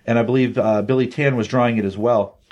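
A man's voice: medium pitch, quick pace, muffled recording. A man in casual podcast conversation, walking through a comic's plot with energy. He tosses off dialogue as he goes, keeping the tone loose and chatty. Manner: animated retelling, acts out quotes. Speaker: comic book podcast co-host. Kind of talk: casual comic review chat.

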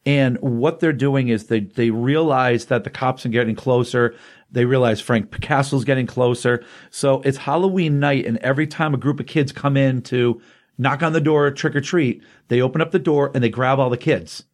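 This man, a co-host on a casual comic book podcast, retells a story at normal speed in a mid-range voice. His sentences ramble and keep restarting.

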